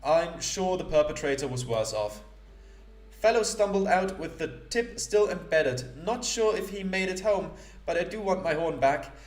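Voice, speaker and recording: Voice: medium pitch, animated, normal speed, faint music behind, pitched above the performer's own voice, close to an everyday voice. A man voicing a jovial, tough female minotaur with a hearty, teasing manner. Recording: roomy echo.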